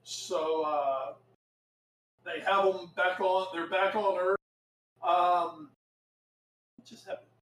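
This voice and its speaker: A high-voiced man co-hosting a casual podcast, excitable and animated, given to loud shouted asides. He sounds like he's in an echoey room. A faint hiss of noise runs under his voice. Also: takes it slowly, pauses often. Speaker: podcast co-host. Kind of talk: casual chat.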